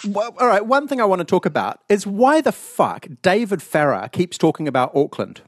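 A man hosting a casual podcast chat, telling stories in a profane, animated way. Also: high-pitched, normal speed, dry recording, studio quality. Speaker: podcast host. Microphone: online call mic.

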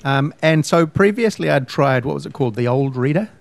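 A man's voice: a little high, expressive, brisk, vocal fry, no room sound. Man, podcast co-host, emphatic pedantic ranter, dry recording. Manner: ranting, emphatic, pedantic about words. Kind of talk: casual chat.

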